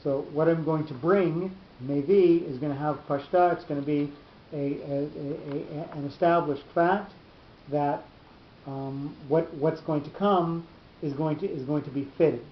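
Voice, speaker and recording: A man teaching a Torah class in a deliberate, halting explanatory lecture, often restarting his phrases. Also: steady tone. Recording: roomy, dull lo-fi recording with faint rumble.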